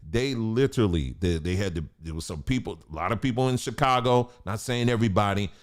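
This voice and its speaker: A man with a fairly low voice delivers an opinion vlog to his audience. He sounds preachy and emphatic, and he leans on rhetorical questions to drive his points home. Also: a little fast. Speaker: host of a commentary channel.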